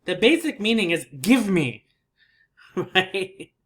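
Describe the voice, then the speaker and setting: A man teaching a simple English lesson, patiently repeating words and laughing softly. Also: high-pitched, sing-song, takes it slowly. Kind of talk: slow, simple language lesson.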